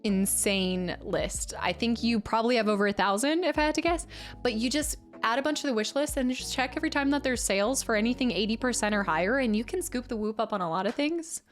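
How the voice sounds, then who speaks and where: A woman streamer with a slightly high voice chats casually with her viewers, rambling and easily amused. She talks loosely and warmly to the chat. Faint music plays behind her. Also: expressive, quick pace. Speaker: game streamer.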